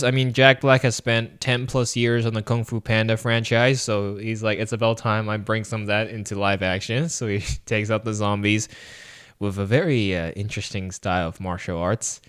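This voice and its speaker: A man co-hosting a podcast, chatting casually about a film, animated and laughing often as he acts out lines. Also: lowish voice, clear, resonant tone. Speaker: podcast co-host. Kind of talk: casual movie review chat.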